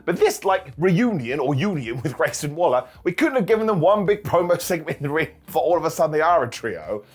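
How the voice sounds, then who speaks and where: Lively husky-voiced man recapping wrestling. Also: fairly high pitch, fairly quick. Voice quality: bald-joke running gimmick host. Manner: animated, jokey, laughs often. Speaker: wrestling show reviewer. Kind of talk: casual recap commentary.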